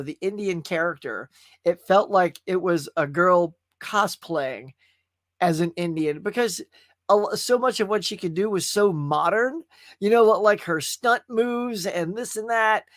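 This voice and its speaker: A man's voice: high-pitched, unhurried, fairly bright tone, no echo, clean studio sound. A man hosting a live movie chat stream, casual and folksy, chatting straight to his viewers. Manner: chatty and folksy, often calls viewers "y'all".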